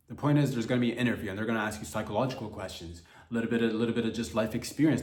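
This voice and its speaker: Rambling, cursing comedy podcast host, roomy sound. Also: male voice, on the low side, very fast, hardly any pauses. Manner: jumps between mock voices and loud outbursts, swears freely.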